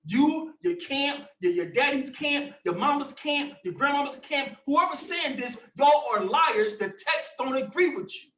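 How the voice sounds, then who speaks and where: A man leading a religious discussion, preaching forcefully and breaking into shouts. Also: extremely high pitch, animated, unhurried, hardly any pauses, echoey room, recorded from a distance. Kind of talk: fiery preaching.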